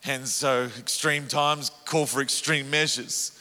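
Bright-voiced preacher in a hall. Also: male voice, medium pitch, takes it slowly. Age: middle-aged. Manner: animated, self-mocking, laughs often. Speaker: evangelist preacher. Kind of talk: storytelling sermon. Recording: echoey hall.

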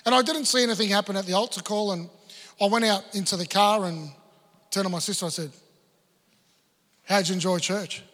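An Australian man preaching a sermon, telling a family story and acting out the dialogue with lively energy. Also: sits high, a little fast, pauses often, in a large hall. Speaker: pastor.

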